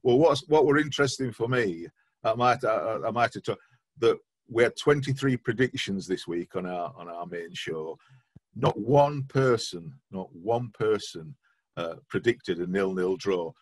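A man chats through his club's week on a fan podcast. His voice is husky and sits in a dry, close space. He keeps a dry, self-mocking humour running. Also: mid-range voice, no room sound. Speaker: podcast co-host. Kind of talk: casual football podcast chat.

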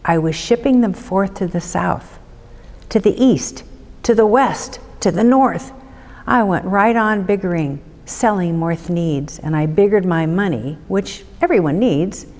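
A woman, a city councilmember, reading a rhyming children's book aloud for storytime in a measured, rhythmic way. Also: lowish voice, a little mellow, big-room sound.

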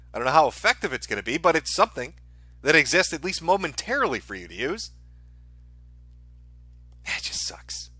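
Guy ranting on his stream, swears a ton, bright sharp voice, pretty high. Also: dry recording. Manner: profane, ranting. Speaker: streamer host. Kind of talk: live stream rant.

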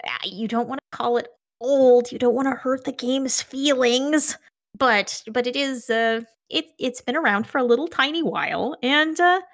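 A woman co-hosting a gaming podcast, chatty and quick to laugh. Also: high voice. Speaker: podcast co-host. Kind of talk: casual podcast chat.

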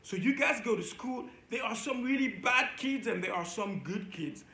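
A man's voice: extremely high pitch, moderate pace, sharp tone, echoey room. A man teaching young children at church, playful and coaxing as he talks straight to the kids. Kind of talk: lively lesson for young kids.

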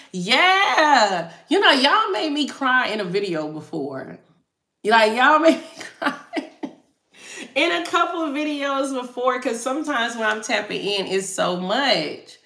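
A woman chats with her live-stream viewers as a tarot reader. She talks slowly and loosely, laughing easily, and her voice has a bright, forceful edge. The sound is roomy and echoey. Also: fairly high pitch. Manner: chatty, laughs easily, reads out viewer comments.

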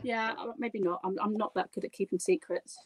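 A woman's voice: mid-range voice, little pitch movement, a little fast, a little hiss or hum, low-quality recording. A woman guiding a live craft demonstration, chatty, giggly and poking fun at herself as she works. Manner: chatty, giggly and self-deprecating. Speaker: guest crafter demonstrating a project.

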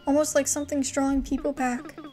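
A woman's voice: sits high, flat delivery, a little fast, faint music behind, lightly acted. A woman doing a kindly old grandma of the woods. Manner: gentle, old-fashioned, folksy. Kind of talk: reading game dialogue aloud.

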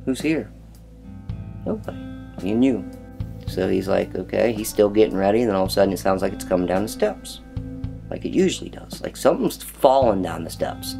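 A man's voice: low-pitched, fairly quick, vocal fry, music in the background. A man telling a story about his house in a documentary, acting out the voices and knocking noises he recalls. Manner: animated storyteller, acts out quoted voices and knocking sounds.

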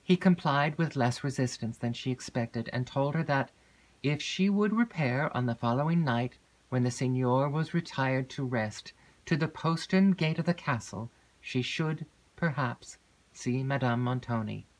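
Lady reading an old novel aloud, calm and measured, audiobook style. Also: rumbling low. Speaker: audiobook narrator. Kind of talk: scripted narration.

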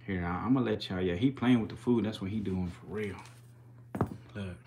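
A man's voice: lowish voice, fairly quick, gravelly, background noise. A man hosting a live stream, giving casual commentary in slangy, profane, hyped-up banter.

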